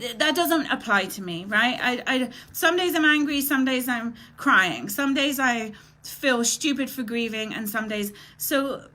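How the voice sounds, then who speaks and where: A woman's voice: on the high side, pushed and bright. A woman in her thirties from Canada hosting a casual live stream, chatty and emotional, greeting viewers by name and often close to tears. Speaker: live show host.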